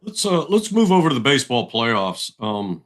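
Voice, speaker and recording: A man's voice: medium pitch, sing-song, moderate pace, a bit bright. A man co-hosting a sports radio show, talking in a friendly, rambling way with plenty of fillers. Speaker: radio co-host. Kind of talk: casual radio sports chat. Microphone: studio microphone.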